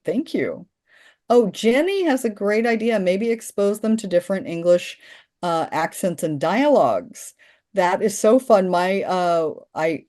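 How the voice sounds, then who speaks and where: Woman workshop trainer, mellow low voice, upbeat and chatty, casual video call. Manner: enthusiastic, chatty. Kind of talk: casual group discussion.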